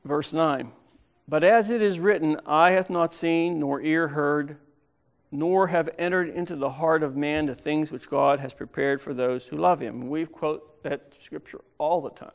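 A man delivers a teaching sermon in a church. His voice sits a little high for a man, and he speaks slowly. He pauses often and explains each verse step by step. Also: gravelly. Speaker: preacher.

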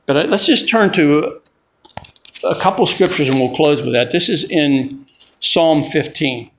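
A man's voice: a little high, animated, unhurried, a little hiss or hum. An older man preaching a sermon in a conversational way, often repeating and restarting his words.

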